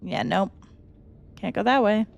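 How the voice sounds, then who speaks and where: A woman's voice: mid-range voice, expressive, unhurried, gravelly, muffled recording, a little hiss or hum. A young woman streaming a horror game, joking and swearing bluntly as she plays, with faint game music behind. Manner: blunt, profane, joking asides. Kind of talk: casual gameplay commentary.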